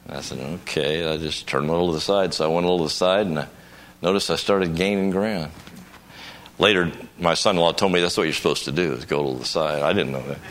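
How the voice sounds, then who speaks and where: A man's voice: a bass voice, fairly even intonation, quick pace, fairly bright tone, slight background noise. An older man preaching at a conference, telling a folksy personal story and breaking into emphatic bursts. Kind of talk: conference sermon.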